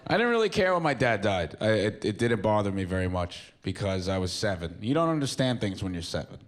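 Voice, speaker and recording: A man's voice: fairly low pitch, very animated, brisk, some chatter behind. A young man, telling loose, mumbly stories in a stand-up set and acting out quotes. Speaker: stand-up comedian. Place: theater stage with a live audience.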